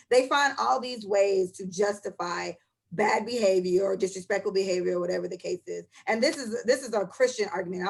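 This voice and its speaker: A woman's voice: mid-range voice, vocal fry. A woman co-hosting a podcast, giving blunt, profane opinions in casual chat. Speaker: podcast co-host.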